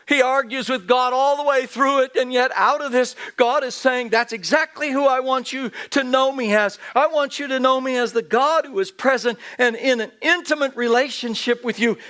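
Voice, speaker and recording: A man's voice: very high voice, bright, forceful tone, clean tone. A man pastor preaching a sermon in a church, earnest, with repeated phrases and restarts. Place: church sanctuary.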